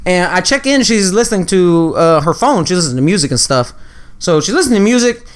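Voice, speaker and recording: A man's voice: high-pitched, fast. A man in a casual chat who tells stories by acting out everyone in them. His voice swings up and down as he does the quotes, and he breaks into laughter often. He talks loose and profane. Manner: animated, acts out quotes, laughs often, swears.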